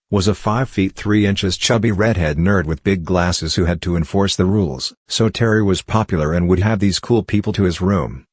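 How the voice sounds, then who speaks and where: Man, very low voice, story narration, steady reading, dry close mic. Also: dry recording. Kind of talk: reading online stories aloud.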